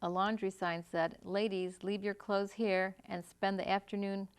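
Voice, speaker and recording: A woman co-hosting an educational talk, calm, giving brief answers and soft murmurs of agreement. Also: medium pitch, moderate pace, clear, resonant tone. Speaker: co-host. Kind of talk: casual educational discussion.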